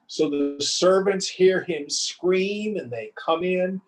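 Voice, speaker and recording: A man teaching scripture over a video call, telling a parable slowly and deliberately and posing rhetorical questions. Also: sits high, rough recording. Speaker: spiritual teacher. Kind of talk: scripture lesson with storytelling. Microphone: video call recording.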